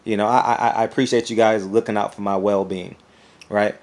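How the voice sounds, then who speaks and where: Guy ranting on his vlog, kinda low voice, rambly, stumbles over his words a lot. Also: fairly quick. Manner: animated, rambling, repeats words. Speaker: YouTube commentator. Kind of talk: casual opinion vlog.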